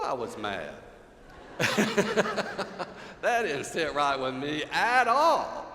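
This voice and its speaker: Older pastor, storytelling sermon, voice rising and dropping, hall reverb. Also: male voice, high-pitched, slight background noise. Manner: storytelling, swings from loud to hushed. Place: large church sanctuary. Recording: echoey hall, faint ambience.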